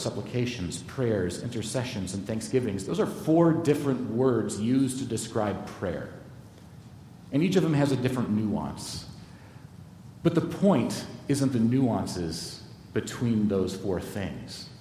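A man preaching a sermon, teaching through a Bible passage and speaking directly to the congregation. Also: mellow. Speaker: pastor. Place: church sanctuary. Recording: echoey hall with long reverb, faint rumble.

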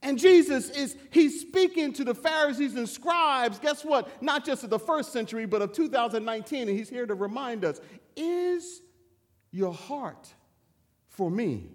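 A man preaching a sermon in a church, animated and humorous, chuckling through personal stories. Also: very high voice, normal speed, hardly any pauses, long reverb tail.

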